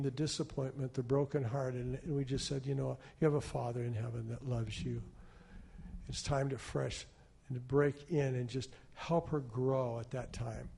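A male pastor preaching a sermon, telling stories and shifting between loud emphasis and quiet asides. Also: mid-range voice, vocal fry.

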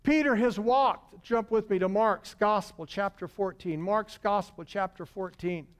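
A man preaching a sermon, swinging between booming emphasis and hushed, drawn-out lines. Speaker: pastor.

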